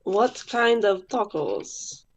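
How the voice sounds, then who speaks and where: A woman's voice: medium pitch, big pitch swings, extremely slow, dull audio. A woman co-hosting a casual live-stream chat who laughs often between her lines. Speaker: co-host.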